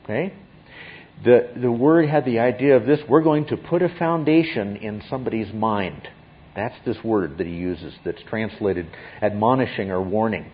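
Male Bible teacher, husky voice, emphatic teaching delivery, muffled lo-fi recording. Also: on the low side, moderate pace. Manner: emphatic, often checks in with "okay?".

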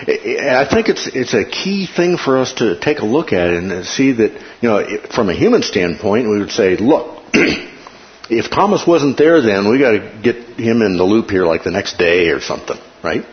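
A man hosting a casual Bible discussion, animated and laughing often as he acts out quotes. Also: lowish voice, normal speed. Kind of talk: casual Bible study chat. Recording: dull lo-fi room recording with noise.

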